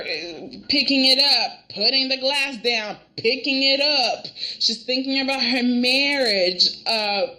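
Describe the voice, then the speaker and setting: A woman giving casual review commentary on a soap opera, animated and exasperated, often restarting her sentences. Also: on the high side, poor audio.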